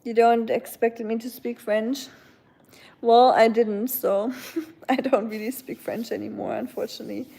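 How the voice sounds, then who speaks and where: Mellow woman chatting casually. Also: fairly high pitch, level tone, unhurried, vocal fry, slightly rough. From Germany. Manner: rambling, many filler likes. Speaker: live streamer. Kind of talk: casual chat.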